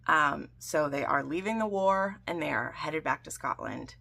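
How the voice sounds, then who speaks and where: A woman's voice: sits low, lively intonation, normal speed, vocal fry, pushed and bright, breathy edge. A woman recapping a TV episode in a casual, gushing vlog chat, full of ums and asides. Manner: gushing, chatty, many fillers. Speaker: book and TV series recap vlogger.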